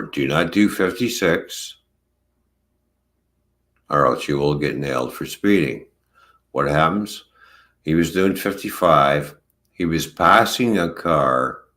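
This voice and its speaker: A man's voice: very deep voice, fairly bright tone. A man hosting a casual live stream, telling rambling, profane trucking anecdotes and acting out the dialogue. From Canada. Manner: rambling anecdote-telling, swears freely, acts out quoted dialogue. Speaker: stream host and former long-haul trucker.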